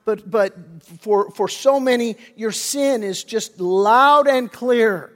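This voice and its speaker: Casual pastor preaching in a reverberant hall. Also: male voice, sits high, takes it slowly. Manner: casual, conversational, repeats words when restarting. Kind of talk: sermon.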